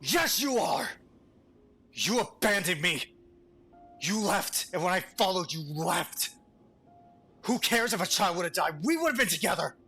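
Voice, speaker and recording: Man doing an angry shouting brother, gravelly, bright, music faint behind. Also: medium pitch, measured pace, exaggerated voice. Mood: furious. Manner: shouting, accusing. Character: bitter angry brother, young man, accusing.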